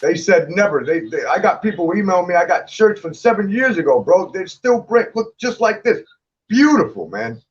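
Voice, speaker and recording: A man's voice: sits high, big pitch swings, moderate pace, muffled recording. A man talking as a guest in a casual chat, telling stories bluntly and with plenty of swearing. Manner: blunt, profane storytelling. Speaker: guest, clothing designer.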